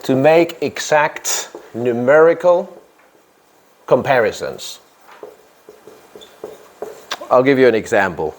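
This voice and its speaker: Slow-paced man teaching a grammar class. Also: medium pitch, expressive, slight background noise. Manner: slow, deliberate, stresses key words, quizzes students. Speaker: English teacher.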